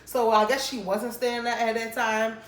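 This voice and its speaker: A woman vlogger telling a casual storytime to her viewers, animated and emphatic, acting out both sides of the conversation. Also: fairly high pitch, moderate pace. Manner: animated, emphatic retelling with quoted exchanges. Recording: roomy echo.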